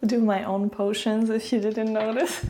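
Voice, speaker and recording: A woman's voice: on the high side, little pitch movement, a little slow, dark tone, slight background noise. A woman with a French accent giving a chatty, casual hair-care tutorial at home, with frequent fillers and giggles. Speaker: beauty and wellness vlogger.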